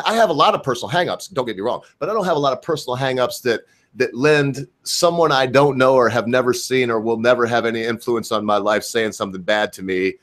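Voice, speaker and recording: A man with a Southern American accent hosting a casual livestream, rambling and restarting as he rants heatedly. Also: medium pitch. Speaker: stream host.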